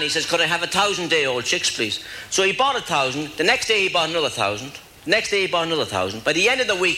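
An Irish man doing stand-up, telling long joke stories with slow punchlines. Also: fairly high pitch, sharp tone, low-quality recording. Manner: tells jokes with slow punchlines, laughs at his own gags. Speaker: comedian. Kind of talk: stand-up storytelling.

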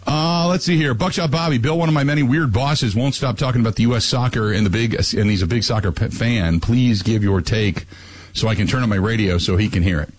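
A man hosting a radio talk show, plugging an event and then ranting, his voice climbing high when worked up. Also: slightly rough. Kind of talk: casual radio talk and rant.

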